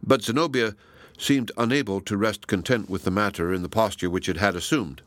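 A man narrating a novel in a measured, reflective storytelling manner. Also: lowish voice, fairly bright tone, no room sound. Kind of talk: audiobook narration.

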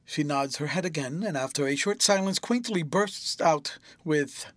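A man narrating a classic novel in an expressive storytelling manner. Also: fairly high pitch, moderate pace, hardly any pauses, dry recording. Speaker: audiobook narrator.

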